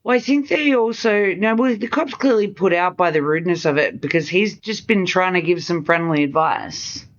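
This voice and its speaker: An Australian woman co-hosting a podcast, chatting casually about a film and acting out lines from it with animated energy. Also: fairly low pitch, normal speed. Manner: animated, acts out characters' lines. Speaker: podcast co-host. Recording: slightly dull lo-fi sound.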